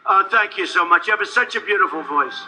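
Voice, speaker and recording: A man speaks at a campaign rally in a strikingly high, piercingly bright voice. He rambles, boasts and repeats lines, now and then shouting. A faint hum of noise sits under him. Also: a little fast, low-quality recording. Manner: shouts at times to a crowd. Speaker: political candidate.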